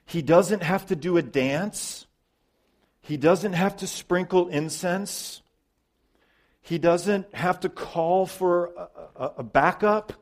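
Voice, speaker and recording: A man preaching a sermon as pastor, emphatic, with loud stresses, quiet drops and repeated words. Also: high-pitched, takes it slowly.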